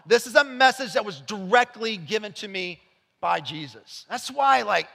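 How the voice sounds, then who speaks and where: A man preaching in a high, bright voice that cuts through the space. He talks conversationally, sliding from quiet asides into loud, emphatic lines. The sound rings out with a long reverb from the church hall around him. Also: expressive, moderate pace, creaky. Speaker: pastor. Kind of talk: sermon. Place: church sanctuary.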